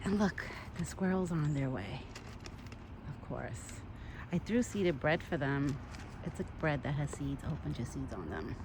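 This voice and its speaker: A young woman with a slightly low voice chats casually into her phone camera while standing out on a trail. She rambles in a friendly way and talks sweetly to a deer she is feeding. Outdoor ambience and passing vehicles are clearly heard behind her. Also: animated, moderate pace. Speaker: vlogger feeding a wild deer. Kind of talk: casual vlog chat. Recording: outdoor phone recording with noise.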